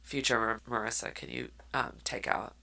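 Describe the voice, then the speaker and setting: A woman co-hosting a podcast, recapping a book in animated casual chat and acting out voices. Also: rumbling low, moderate pace. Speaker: podcast co-host.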